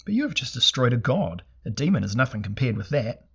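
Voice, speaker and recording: A man's voice: medium pitch, very animated, a little fast, vocal fry, a bit bright, breathy edge, full character voice. Wary loyal swordsman companion, read by a man.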